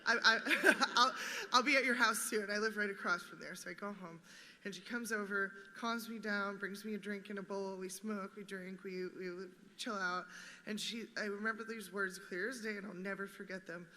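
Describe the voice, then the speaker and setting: A young woman speaking at a memorial on stage, animated, acting out her friend's words and laughing. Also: medium pitch, moderate pace. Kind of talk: personal storytelling. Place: large theater stage. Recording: long reverb in theater, faint background noise.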